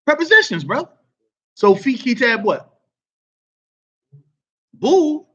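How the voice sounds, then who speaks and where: Male Arabic tutor, online class, quizzes and praises, casual slangy asides; a touch high, muffled lo-fi sound. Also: very animated, a little slow, a bit bright. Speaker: Arabic teacher. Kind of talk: online Arabic grammar lesson.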